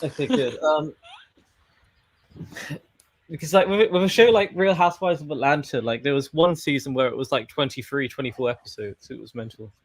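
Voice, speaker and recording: Halting young man on earbuds. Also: on the high side. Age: young adult. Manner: halting, searching for words. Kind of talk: casual online chat. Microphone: wireless earbuds.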